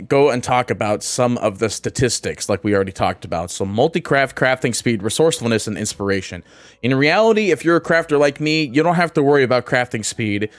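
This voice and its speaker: Man, casual game-guide narrator, middle pitch, dry close-mic read with loose self-corrections. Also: no room sound. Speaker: gaming guide creator. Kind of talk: game tutorial voice-over.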